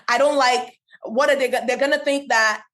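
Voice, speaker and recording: Passionate high-voiced woman preaching fast. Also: fairly even intonation, fairly bright tone. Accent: non-native English accent. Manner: passionate, preachy, quick storytelling. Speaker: podcast host, Christian business speaker. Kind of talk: faith-based podcast talk.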